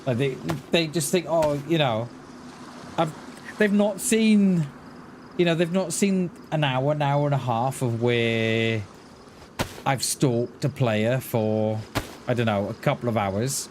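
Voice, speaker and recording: A man's voice: mid-range voice, takes it slowly, a little hiss or hum. A man chatting casually on a live game stream, rambling and restarting his words as he talks to his chat. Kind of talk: casual chat while gaming.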